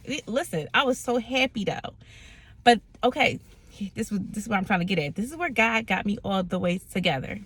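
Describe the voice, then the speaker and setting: Animated, bright-voiced woman telling a story. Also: mid-range voice, fairly quick, husky, no room sound. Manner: animated, dramatic, acts out voices in her stories; laughing, self-mocking. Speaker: vlogger sharing a faith testimony. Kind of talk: casual storytelling to camera.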